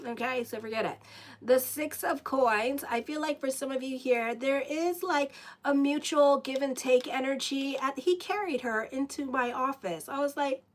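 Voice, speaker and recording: A woman with a somewhat high voice gives a casual live tarot reading. She talks loosely and conversationally, drifting into asides to her audience and her cat before returning to the cards. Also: normal speed. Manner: chatty, breaks off into asides to viewers and her cat. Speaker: astrologer and tarot reader.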